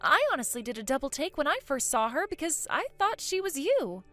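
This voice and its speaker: Woman doing a chatty teen girl, high bouncy voice, gossipy. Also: very animated, fairly quick, bright, forceful tone, faint music behind, full character voice. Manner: breathless, gossipy, eager. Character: teenage granddaughter, excited and chatty.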